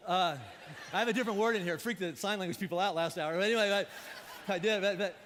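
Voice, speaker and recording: Pastor, male, higher-pitched, preaches with animated swings from loud to hushed, in a reverberant church. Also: very fast. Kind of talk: sermon. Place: church auditorium.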